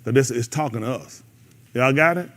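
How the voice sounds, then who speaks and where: The man speaks at normal speed with a medium pitch and fairly bright tone, and a little hiss or hum is audible. He leads a relaxed, jokey Bible class for his congregation, bantering and laughing with them between scripture readings.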